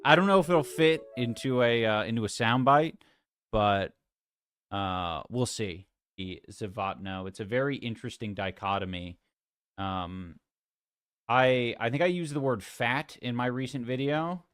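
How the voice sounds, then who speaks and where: A man rants on a livestream in a lively, swinging voice, mocking his critics and swearing freely. His pitch is mid-range but jumps around a lot. The sound is close and dry. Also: a little slow, clean tone, dry recording. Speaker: streamer. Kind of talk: casual livestream rant.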